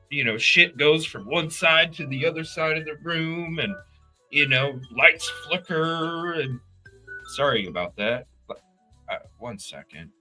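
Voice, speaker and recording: This man runs a laid-back true crime livestream, speaking directly to his chat in a lively, rambling style full of profanity. His voice sits a little high.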